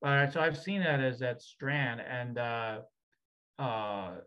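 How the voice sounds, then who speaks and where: A man's voice: medium pitch, takes it slowly, fairly bright tone, smooth, highs cut off. A man hosting a talk as an energy healer, rambling and hesitant with many fillers. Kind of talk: casual conversation.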